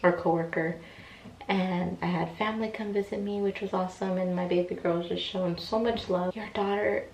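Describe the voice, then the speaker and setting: A young woman chats through a personal storytime, full of fillers and little acted-out quotes. Her voice sits a bit low and sounds set back from the mic in an echoey room. A faint hum of ambience is heard behind her. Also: steady tone, a little fast, a little mellow, distant mic. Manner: chatty, many fillers, acts out quoted voices. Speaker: vlogger. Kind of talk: casual storytime.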